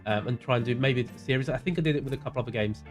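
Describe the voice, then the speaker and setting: Rapid-fire and medium-pitched, a South London man talks casually over soft background music while livestreaming a racing game. He's chatty, names his viewers as he greets them, and wanders into mumbled asides.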